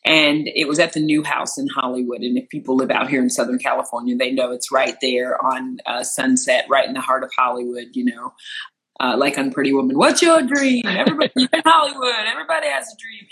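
Bright-voiced storyteller from rural Missouri. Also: rough recording. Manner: animated, acts out quotes with sharp jumps in pitch. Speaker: entertainment interviewer. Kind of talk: personal storytelling.

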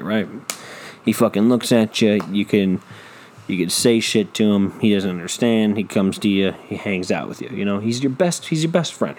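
A man's voice: lowish voice, darkish tone, slight background noise. A man hosting a solo podcast, ranting in a profane, rambling, self-deprecating way into a microphone. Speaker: podcast host. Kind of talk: casual solo rant. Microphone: studio microphone.

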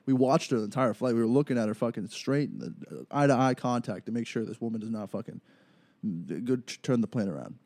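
A man's voice: medium pitch, quick pace, darkish tone, no room sound. A young man hosting a podcast, telling a rambling story in casual, profane speech full of fillers. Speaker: podcast host.

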